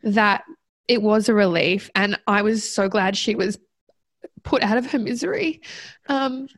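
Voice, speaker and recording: A woman guest recounting a personal story in conversation, reflective and halting, with many fillers and restarts. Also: mid-range voice, no room sound.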